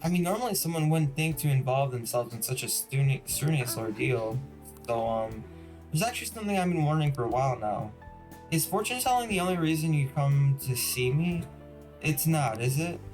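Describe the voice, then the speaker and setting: A man's voice: fairly high pitch, expressive, fairly quick, a little mellow, faint music behind, natural voice. A man reading an earnest young fortune teller. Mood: teasing. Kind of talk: voiced reading of game dialogue.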